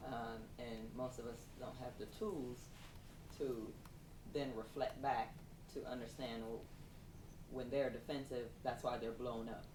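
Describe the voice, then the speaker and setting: A man at mid pitch joins a workshop discussion, explaining his point step by step. The recording is distant and echoey, with noticeable background noise. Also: level tone, measured pace. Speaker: workshop participant. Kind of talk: group discussion.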